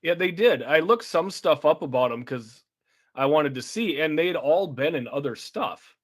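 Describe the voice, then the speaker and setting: A man co-hosting a podcast, recapping a film's plot in a relaxed, chatty way with an occasional chuckle. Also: on the high side, normal speed. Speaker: podcast co-host. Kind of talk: casual chat.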